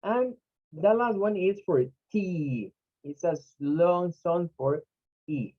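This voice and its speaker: A native Spanish speaker teaching English pronunciation online breaks words into syllables and repeats each sound patiently. The delivery is unhurried, and the recording is muffled and lo-fi. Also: mid-range voice.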